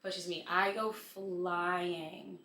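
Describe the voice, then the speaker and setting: A woman guest on a podcast telling a personal story in animated, casual conversation, full of "like.". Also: fairly low pitch, drawn-out words. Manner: animated retelling, heavy use of "like". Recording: echoey room.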